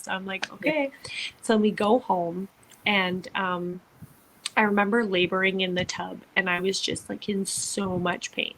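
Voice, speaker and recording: A woman's voice: mid-range voice, steady tone, unhurried, a bit bright, a little hiss or hum, rough recording. A young woman co-hosting a podcast, telling a personal story in a chatty way, full of "like" and acted-out quotes. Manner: chatty, lots of "like", acts out quotes. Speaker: podcast co-host. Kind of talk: casual storytelling.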